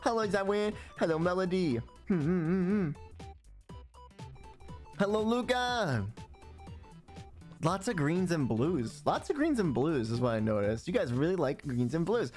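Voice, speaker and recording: A man's voice: high-pitched, expressive, a little slow, pauses often, a little mellow, soft background music. A man chatting casually on a livestream, playful and talkative, greeting viewers and humming between repeated words.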